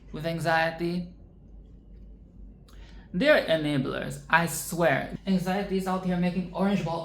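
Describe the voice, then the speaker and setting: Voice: medium pitch, steady tone, unhurried, fairly bright tone. A film reviewer giving casual reaction commentary, rambling and playful, swearing and tossing in sarcastic asides. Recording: roomy echo with faint background noise.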